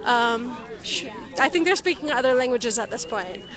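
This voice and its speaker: A young woman livestreaming outdoors at a night protest from a handheld phone, talking casually to viewers and often shouting out. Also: on the high side, lively intonation, normal speed, a crowd in the background. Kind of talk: live street commentary.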